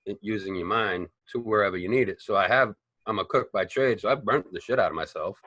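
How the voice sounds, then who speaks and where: Actor guest, lower pitch, forceful tone, loose profane anecdotes. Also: male voice, brisk, no echo. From Boston, United States. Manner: animated, profane, rambling storyteller. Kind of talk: casual interview storytelling.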